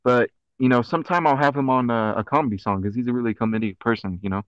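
A man's voice: mid-range voice, fast talker, no room sound. Laid-back young man rambling on a lo-fi podcast. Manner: rambling, laughing, lots of fillers. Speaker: podcast host. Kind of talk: casual chat. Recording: dull lo-fi dry sound.

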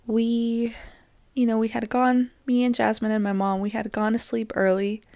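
A woman in her twenties telling a personal story on her podcast, reflective and gently hesitant. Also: on the high side, little pitch movement, moderate pace, creaky, dry recording. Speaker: podcast host.

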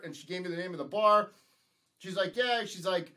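A man in his thirties with a notably high voice spins a story in loose, casual podcast talk. He stumbles into repeated words, restarts often, and slips into little acted-out voices for the people he quotes. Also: fairly quick. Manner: animated, stumbling repeats, acts out quoted lines.

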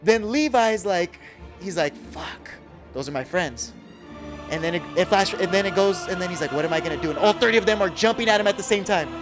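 A man on a podcast excitedly recapping an anime episode, swearing a lot and acting out characters' lines in a lower voice. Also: fast talker, hardly any pauses, faint music behind. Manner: profane, acts out character lines in a low voice. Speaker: podcast co-host.

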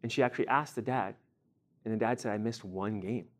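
A young man teaching a sermon to a group, animated, acting out everyday scenes and quizzing his listeners. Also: fairly low pitch, fairly quick. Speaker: youth teacher.

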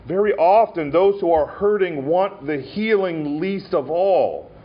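Man preaching, slightly high voice. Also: lively intonation, a little slow. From Montana. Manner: storytelling delivery with frequent fillers and restarts. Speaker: pastor. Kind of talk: sermon at an ordination ceremony. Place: church sanctuary. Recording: dull lo-fi church recording.

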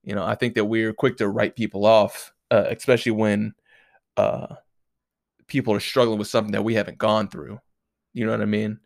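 A man's voice: on the low side, little pitch movement, a little fast, vocal fry, no room sound, clean studio sound. A man hosting a casual solo talk, his voice nasal and stuffed up from allergies, laid-back and rambling with profane slang.

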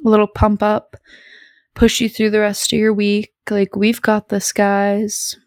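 A woman's voice: mid-range voice, monotone, unhurried, dry recording, clean studio sound. A young woman hosting a podcast at home, chatting casually in a rambling, bubbly, self-deprecating way. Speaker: podcast host. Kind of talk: casual solo chat.

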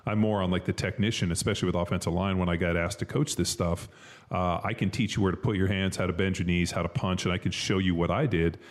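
A former football player co-hosts a podcast, chatting loosely and profanely with lots of fillers. His low-sitting voice holds a steady tone and a fast pace.

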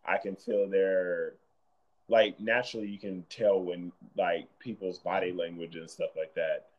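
A man hosting a podcast, relaxed and affirming, asking questions in casual chat. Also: low voice, measured pace, muffled recording. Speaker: podcast host.

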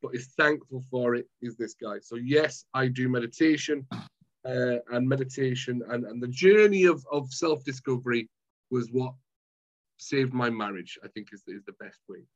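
In a muffled recording, a Scottish mind management coach talks at a moderate pace in a mid-range voice. He's a guest in an easygoing chat, animatedly performing moments from his own life story as his past self.

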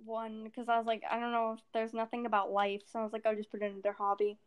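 A woman's voice: a little high, completely flat delivery, fast, clear, resonant tone. A teenage girl co-hosting a podcast, chatting casually, giggly and rambling, stumbling over her words. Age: teens. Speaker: podcast co-host. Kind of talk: casual chat.

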